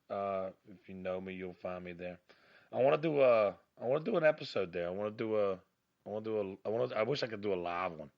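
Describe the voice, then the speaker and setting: A man with a raspy voice and a slight twang, hosting a podcast as a rambling, profane, self-mocking solo rant recorded on his phone. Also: fairly low pitch, highs cut off. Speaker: podcast host.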